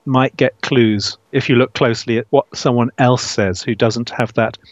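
A man being interviewed about his writing, speaking thoughtfully with frequent restarts and soft laughs. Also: mid-range voice, steady tone, normal speed, no echo. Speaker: author guest. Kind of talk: casual interview. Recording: dull dry lo-fi sound.

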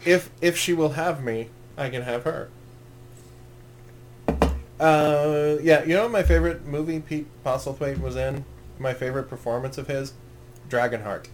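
A man's voice: on the high side, normal speed, long pauses, a little hiss or hum. A man co-hosting a podcast in casual chat, rambling and joking with his friend. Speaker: podcast co-host.

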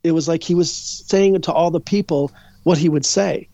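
A man's voice: a little high, normal speed, creaky, mellow, no room sound. Older guy rambling thru stories, lots of restarts and ums, dull dry recording. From Minnesota, US. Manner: rambling, with many restarts and fillers. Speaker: guest psychic. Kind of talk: casual interview storytelling.

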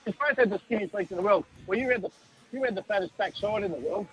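Aussie bloke guest telling cheeky yarns, pretty high voice, acts out the quotes. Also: male voice, quick pace, muffled recording, soft background music. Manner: jokey, animated storyteller acting out quotes. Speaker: guest, former team manager. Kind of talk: casual storytelling on a radio show.

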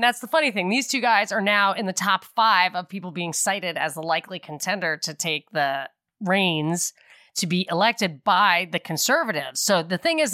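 A middle-aged woman with a bright, clear voice gives casual political commentary on her podcast. She rambles and thinks aloud, stopping often to correct herself. The recording sounds close and dry. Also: fairly low pitch, no echo. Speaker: podcast host.

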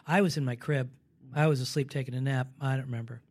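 A man in his sixties, a stage actor, telling animated stories in a casual interview and acting out the voices of people he quotes. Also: medium pitch, quick pace. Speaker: guest actor.

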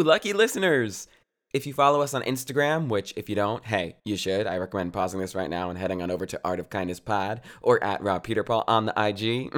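A man's voice: mid-range voice, a bit bright. A man hosting a podcast, bubbly and playful as he opens the show. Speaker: podcast host. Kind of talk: podcast intro and chat.

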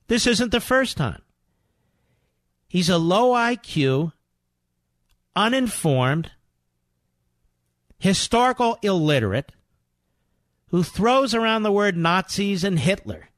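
A man hosting a talk radio show, playing clips and commenting on them in an indignant, combative manner with loud rhetorical questions. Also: high-pitched, very animated, slow pace, pauses often, no echo, clean studio sound.

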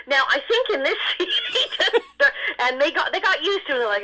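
A woman guest in a casual interview, telling stories in an animated way and laughing often. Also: high-pitched, rough recording. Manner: animated, quick storyteller who laughs often. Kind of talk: casual storytelling chat.

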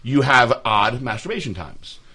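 A man with a bright, forceful voice tells a crude, rambling story on a casual show. He talks loosely and gets more animated as the tale builds. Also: medium pitch, moderate pace, slightly rough. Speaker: podcast host.

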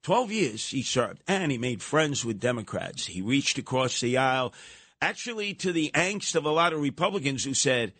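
A man's voice: medium pitch, sing-song, moderate pace, fairly bright tone, dry recording. Combative New talk radio man. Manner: combative, mocking, uses nicknames. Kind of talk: political talk radio monologue.

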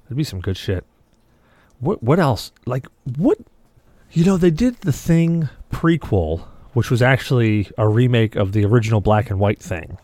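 A man's voice: mid-range voice, lively intonation, normal speed, darkish tone, no echo. A man co-hosting a casual podcast chat, rambling through stories and swearing freely. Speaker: podcast co-host.

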